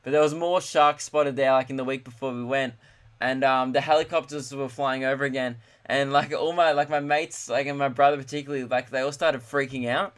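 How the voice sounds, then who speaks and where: A young Australian man, a comedian rambling through a solo podcast monologue, ranting and dropping into quick mock voices. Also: mid-range voice, steady tone, clean tone.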